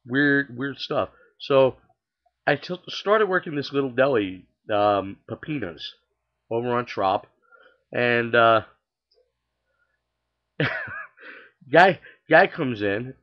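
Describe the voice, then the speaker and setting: A man's voice: mid-range voice, a little slow, long pauses, highs cut off. A man from New York City casually telling a personal story, rambling and chatty with many fillers.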